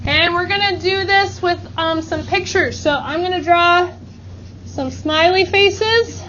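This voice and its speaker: A woman teaches a math lesson in a classroom, upbeat and leading her students through chants. Her voice sits very high. The recording is muffled, with a steady background noise. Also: a little slow. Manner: upbeat, leads call-and-response chants. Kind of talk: classroom instruction.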